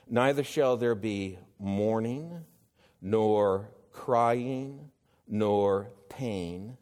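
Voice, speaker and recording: Slow-preaching man in a reverberant hall. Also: fairly low pitch, a little mellow. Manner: slow, rising to emphatic exclamations. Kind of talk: sermon.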